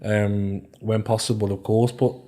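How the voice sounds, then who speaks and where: Low and dark, his voice stays level as he speaks at a measured pace. This Birmingham man in his thirties, a podcast guest, keeps the interview chatty and rambling, scattering ums and repeated "do you know what I mean" throughout.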